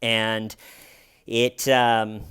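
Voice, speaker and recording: A man giving casual true crime commentary in a sarcastic tone, acting out quotes in a mocking high voice. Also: level tone, drawn-out words, fairly bright tone, clear, resonant tone.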